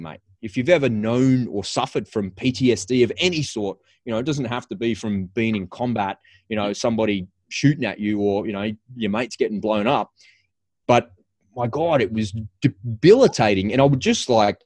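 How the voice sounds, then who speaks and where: A man's voice: medium pitch, a little mellow, no echo. Frank man, dry close sound. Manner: casual, self-deprecating, frank. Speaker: podcast guest, former paratrooper. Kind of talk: candid storytelling in conversation.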